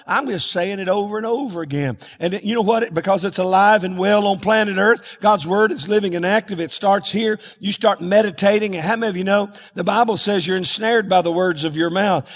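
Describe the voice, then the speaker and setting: A man's voice: sits high, fairly quick, hardly any pauses, big-room sound. A man preaching a folksy sermon, asking the congregation to call out words back to him. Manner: folksy, calls for congregation responses. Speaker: pastor.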